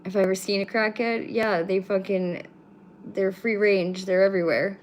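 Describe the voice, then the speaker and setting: Canadian woman hosting a home livestream; blunt, profane, teasing, mid-pitched, faint background hiss. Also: steady tone, normal speed. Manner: blunt and swears freely, teasing her chat. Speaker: livestream host. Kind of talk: casual livestream chat with viewers. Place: home room with pets.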